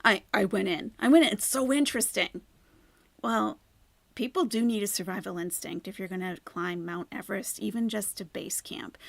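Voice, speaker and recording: A woman with a gravelly, creaky voice hosts a reaction commentary, sarcastic and critical. She sometimes drops into hushed asides, and her voice sounds dry and close. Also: medium pitch, dry recording. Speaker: commentary channel host.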